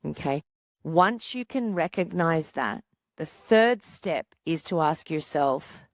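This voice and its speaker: A woman psychologist hosting a podcast, calmly coaching parents and asking rhetorical questions. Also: sits low, slow, no room sound, studio quality. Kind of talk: podcast monologue giving parenting advice.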